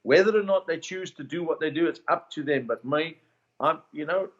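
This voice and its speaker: A man's voice: a little high, moderate pace, muffled recording. A man with a South African accent, a comedian guest telling career stories in a casual interview. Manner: animated anecdotes with put-on quoted voices.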